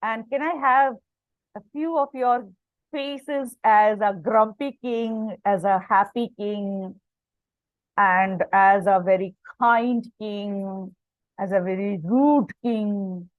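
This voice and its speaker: A woman's voice: medium pitch, dry recording, phone-quality sound. Dry-voiced Indian English woman teaching. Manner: encouraging, halting, with frequent fillers. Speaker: storytelling workshop leader. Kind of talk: online workshop teaching.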